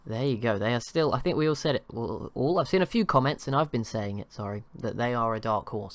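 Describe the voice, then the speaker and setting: A man's voice: mid-range voice, no room sound. A young man giving casual commentary on a strategy game, rambling and often correcting himself. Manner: rambling, self-correcting, apologetic. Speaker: gaming channel host.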